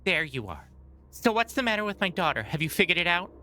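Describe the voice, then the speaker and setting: A woman's voice: on the low side, sing-song, quick pace, pushed and bright. A woman voicing a stubborn, defensive village mother in a game, reading her dialogue aloud in an indignant, self-justifying way.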